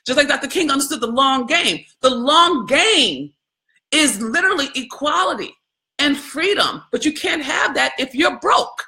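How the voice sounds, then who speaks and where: A woman delivers impassioned live-stream commentary in a bright, forceful voice that sits a little high. She talks to her viewers in colloquial, preachy bursts. She also reads their comments aloud between points. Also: expressive, moderate pace. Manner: colloquial, addresses viewers as y'all. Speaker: host of a live video.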